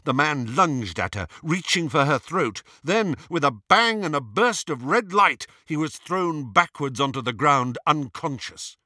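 A man narrating an audiobook in an expressive, storytelling manner. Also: on the high side, unhurried, few pauses, dry recording, studio quality.

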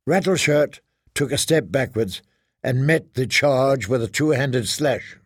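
A man narrating a fantasy audiobook in a steady, measured way. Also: mid-range voice, husky, no room sound, studio quality.

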